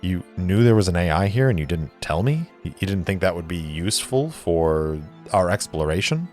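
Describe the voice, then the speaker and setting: A man voicing a wary male professor on an expedition in a tabletop game, cautious and sharp. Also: sits low, sing-song, normal speed, faint music behind. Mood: indignant.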